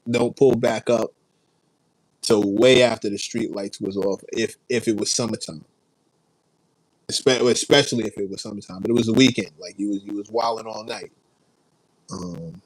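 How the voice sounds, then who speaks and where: A man from New chats easily on a livestream, wandering from thought to thought and answering viewers by name. His voice sits low, and the sound is close and dry. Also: no echo, poor audio. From New York. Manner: rambling, laid-back, reads and answers chat. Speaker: livestream host. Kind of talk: casual livestream chat.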